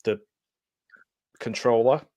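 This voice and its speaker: A man hosts a loose live watch-along and rambles through his thoughts between giggles. His voice sits at a mid pitch. It is recorded dry and close. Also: slow, darkish tone, no room sound. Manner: giggly, rambling, frequent laughs. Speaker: host. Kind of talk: casual live commentary.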